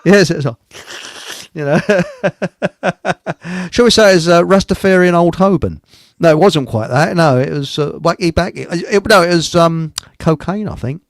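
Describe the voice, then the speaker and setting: A man's voice: fairly high pitch, unhurried, no room sound. A middle-aged man, hosting a live online show in a rambling, jokey chat and laughing at his own jokes. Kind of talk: casual chat.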